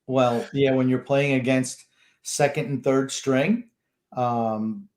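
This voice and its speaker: A man's voice: mid-range voice, fairly even intonation, slow, darkish tone. Blunt, opinionated male sports podcaster. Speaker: podcast co-host. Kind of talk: casual sports talk.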